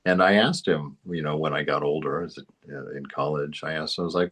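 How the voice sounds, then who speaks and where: A man's voice: rumbling low, steady tone, a little fast, hardly any pauses, fairly bright tone, husky. A man giving an informal spiritual teaching, rambling into anecdotes and chuckling often. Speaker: spiritual study group teacher.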